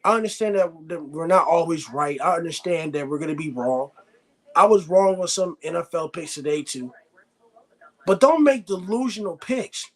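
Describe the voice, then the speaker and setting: High-pitched man ranting bluntly. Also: animated, normal speed. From United States. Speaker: sports show host. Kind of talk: live sports reaction stream.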